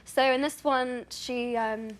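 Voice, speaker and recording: Brief: young English actress, talk-show guest, slightly high, chatty and self-deprecating, laughs easily. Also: female voice, steady tone, takes it slowly.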